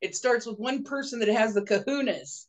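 A man's voice: very high-pitched, normal speed. A man hosting a podcast, talking insistently and repeating himself as he tells stories. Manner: insistent, repetitive, storytelling. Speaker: podcast host. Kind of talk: casual podcast chat.

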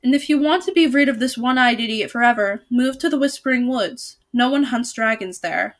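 A brave young girl knight in a read-aloud storybook, as a woman reads her, speaking firmly and boldly. Her voice sits a little high. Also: brisk, lightly acted. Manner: firm, commanding.

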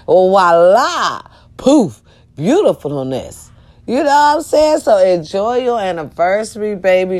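Animated, profane woman vlogger. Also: mid-range voice. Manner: animated, profane storytelling with shrieks. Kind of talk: casual talk to viewers.

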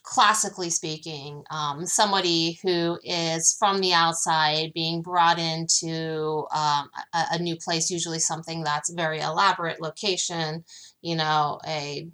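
A woman author, a guest on a podcast, telling stories in an animated way with many ums. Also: low voice, measured pace. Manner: speaks about her daughter. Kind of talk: casual podcast interview.

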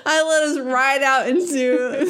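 A woman's voice: high voice, fairly even intonation, slow pace, a bit bright. A young woman co-hosting a podcast, telling a funny story in casual chat, swearing often and breaking into laughter. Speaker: podcast co-host.

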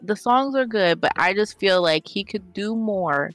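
A woman in casual group talk, animated and opinionated, pressing her point and talking over others. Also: mid-range voice, unhurried, faint music behind.

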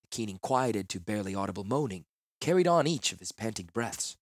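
A man narrating a first-person fantasy novel in a measured, earnest way. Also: fairly low pitch, lively intonation, no room sound, clean studio sound. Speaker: audiobook narrator.

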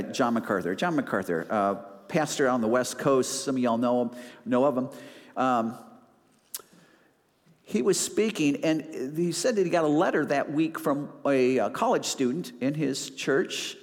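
A man's voice: mid-range voice, big-room sound. A male pastor preaching a sermon in a conversational, self-deprecating way, acting out little asides.

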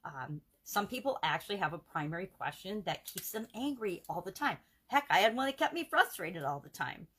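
A woman's voice: mid-range voice, very animated, a little fast, few pauses, a bit bright, breathy edge. A woman hosting a live coaching video, talking earnestly and casually and running through examples in rhythmic lists. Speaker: self-help challenge coach.

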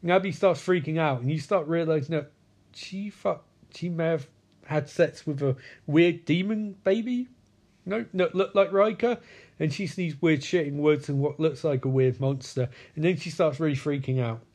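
A man's voice: fairly high pitch, normal speed, darkish tone. Crude, sarcastic man recapping a movie. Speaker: film recapper.

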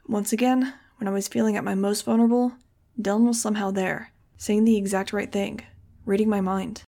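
A woman reading a novel aloud in the first person, with steady, expressive storytelling. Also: medium pitch, brisk, vocal fry. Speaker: audiobook reader.

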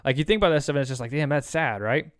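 A young man from Tennessee, a podcast co-host, telling a story in casual, animated, swearing chat. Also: mid-range voice, rapid-fire, clear, resonant tone, no room sound, clean studio sound.

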